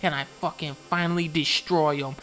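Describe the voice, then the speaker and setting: Excitable high-voiced young man rambling. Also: moderate pace. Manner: excited, profane, stammering "and then" runs, sound-effect noises. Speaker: gaming comedian narrating. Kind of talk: rambling comic storytelling over gameplay.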